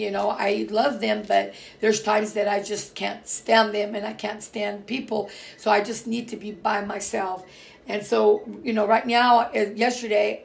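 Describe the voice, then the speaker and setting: Middle-aged woman from Portugal, gravelly low fry, rambling casual vlog chat, emphatic with lots of fillers. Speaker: vlogger. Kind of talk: casual personal talk to viewers.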